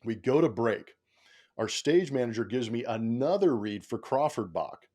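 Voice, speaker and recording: Lively storytelling male sportscaster. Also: medium pitch, moderate pace. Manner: animated storyteller, acts out quotes, laughs often. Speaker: baseball broadcaster, podcast guest. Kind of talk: casual interview storytelling.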